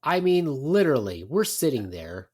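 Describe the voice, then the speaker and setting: A man's voice: medium pitch, very animated, moderate pace, a loud crowd. A man co-hosting a podcast, blunt and profane, lecturing in a casual group chat. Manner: blunt, lecturing, profane, mimics others in quotes. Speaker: podcast co-host. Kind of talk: casual banter.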